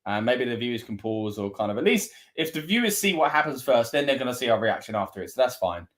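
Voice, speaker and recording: Excitable Scottish man reacting live. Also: medium pitch, fast. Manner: excitable, bursts into loud reactions. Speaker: co-host of a wrestling watch-along. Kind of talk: live watch-along reaction commentary.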